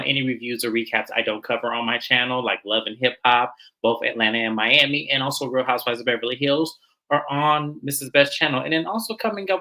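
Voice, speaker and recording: A man's voice: medium pitch, sharp tone, rough recording. A man hosting a reality show recap, talking casually in slang and mimicking the cast as he retells scenes.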